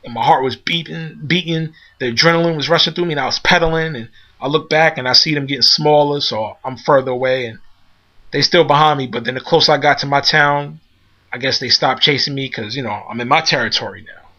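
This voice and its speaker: A man's voice: medium pitch, fairly quick, bright, forceful tone. A man casually telling a personal story, rambling with many fillers and restarts. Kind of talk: casual spoken anecdote. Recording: dull lo-fi recording.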